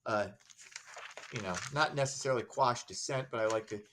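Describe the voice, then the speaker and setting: A man reading news items and rambling into halting opinions on a casual show. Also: medium pitch, noisy background. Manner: rambling, halting, self-correcting. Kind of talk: news with commentary.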